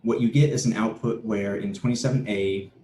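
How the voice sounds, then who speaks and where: The presenter is a man whose warm voice sits on the low side, delivered steadily and fairly quickly. In his academic conference talk he explains at an even clip, occasionally restarting a word. There's faint noise in an echoey room.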